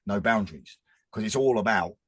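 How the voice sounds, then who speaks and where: A man's voice: lowish voice, fairly quick, husky, no room sound. A man, talking earnestly and rambling in a casual chat as a podcast guest. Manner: rambling, restarts often, earnest.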